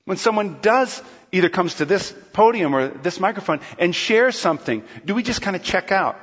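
A male pastor preaching a sermon in a large church hall, lively and playful, often acting out quotes. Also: high-pitched, normal speed, slightly rough. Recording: long hall reverb, dull sound.

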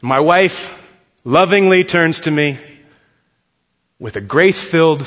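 Bright-voiced preaching man in a hall. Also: fairly high pitch, expressive, slow, pauses often. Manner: earnest, conversational preaching with audience prompts. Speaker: pastor. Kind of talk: sermon. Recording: dull, long-reverb hall sound.

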